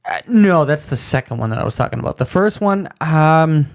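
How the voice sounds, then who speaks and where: A man's voice: a little high, lively intonation, fairly quick, vocal fry. A man co-hosting a casual video game podcast, animatedly retelling funny game scenes and laughing as he talks. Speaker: podcast co-host. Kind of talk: casual chat about video games.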